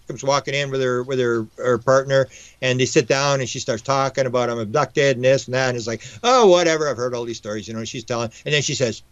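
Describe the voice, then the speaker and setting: A man, a UFO researcher and guest, telling stories in a rapid, animated way, often restarting and acting out dialogue. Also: medium pitch, dry recording. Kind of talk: animated storytelling. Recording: dull lo-fi, dry sound.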